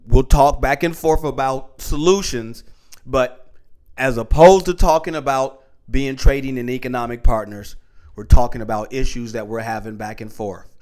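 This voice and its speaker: A male host speaking in a relaxed, conversational way as he introduces a clip. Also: medium pitch, moderate pace. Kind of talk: casual commentary.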